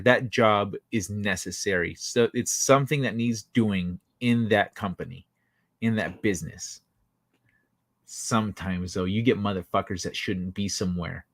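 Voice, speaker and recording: A man's voice: fairly low pitch, fairly bright tone, dry recording. A man hosting a casual late-night livestream chat, talking in a blunt, profane, rambling way. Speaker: livestream host.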